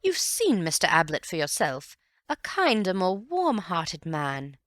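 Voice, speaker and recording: A woman's voice: fairly low pitch, huge pitch swings, unhurried, fairly bright tone, no room sound, clean studio sound, heavily acted. A woman voicing a gossipy, self-important middle-aged mother in an audiobook, speaking emphatically. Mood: emphatic. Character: gushing, indignant middle-aged society mother. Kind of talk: audiobook character voice.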